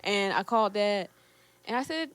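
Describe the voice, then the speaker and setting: A woman's voice: mid-range voice, expressive, normal speed, fairly bright tone, smooth, no room sound. A young woman in her twenties, co-hosting a podcast and telling a personal story in casual chat, laughing often. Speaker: podcast co-host.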